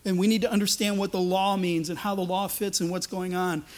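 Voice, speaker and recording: A man's voice: sits high, level tone, brisk. A man preaching a sermon, speaking emphatically and voicing God in the first person, with frequent restarts. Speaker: pastor.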